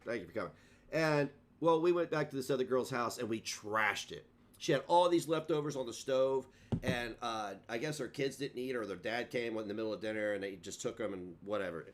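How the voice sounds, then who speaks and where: A man's voice: mid-range voice, brisk, slight background noise. A man streaming, telling a rambling, profane and self-mocking story in a casual rant.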